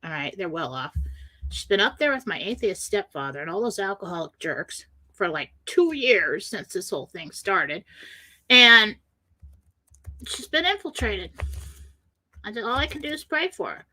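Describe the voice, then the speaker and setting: A woman's voice: medium pitch, very animated, normal speed, pushed and bright, rough recording. A woman hosting a spiritual radio talk show, telling a personal story with emotion and acting out the voices of the people in it.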